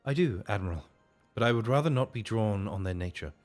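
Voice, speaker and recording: A man's voice: fairly low pitch, lively intonation, fairly quick, darkish tone, soft background music, pitched above the performer's own voice, natural voice. A man reading an earnest young woman leader. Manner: earnest, formal, old-fashioned phrasing.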